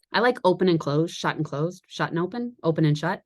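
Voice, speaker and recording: Chatty low-voiced woman trainer. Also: expressive, fairly quick, few pauses, a little mellow. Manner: chatty, laughs at her own jokes, rambles into asides. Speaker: direct sales team leader and trainer. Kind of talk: casual training talk to a team.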